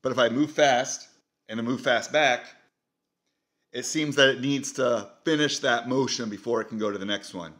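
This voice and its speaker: Bright-voiced man casually demoing a gadget. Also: medium pitch, normal speed. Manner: easygoing, thinking aloud with fillers. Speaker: product reviewer. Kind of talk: casual product demo.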